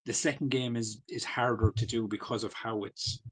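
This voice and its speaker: A man's voice: mid-range voice, steady tone, normal speed, slightly rough. A man, co-hosting a podcast in loose, sweary casual chat full of fillers. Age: 40s. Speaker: podcast co-host.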